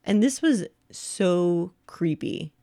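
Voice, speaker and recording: A woman's voice: lowish voice, expressive, takes it slowly, mellow. A woman co-hosting a casual podcast chat about a movie, wry and skeptical with dry quips. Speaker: podcast co-host.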